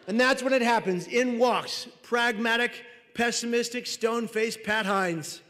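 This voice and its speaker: A man telling a personal story on stage as a mental health speaker, animated and loud at the punchlines. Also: extremely high pitch, unhurried. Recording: reverberant hall.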